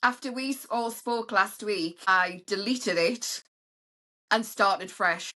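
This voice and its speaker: Woman, middle-aged, cheeky group-chat storyteller, bright voice. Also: slow. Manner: cheeky storyteller, acts out quotes in high voices. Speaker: panel member.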